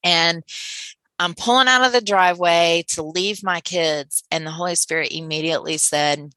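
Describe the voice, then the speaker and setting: Low bright-toned middle-aged woman guest. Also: normal speed, dry recording. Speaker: guest, author. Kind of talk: storytelling in conversation.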